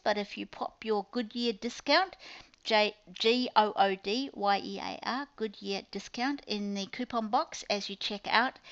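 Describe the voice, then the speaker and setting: A woman's voice: medium pitch, a bit bright, highs cut off. A woman with a New Zealand accent, a business coach giving an upbeat, chatty promotional talk to her clients. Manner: chatty, upbeat sales patter with playful asides.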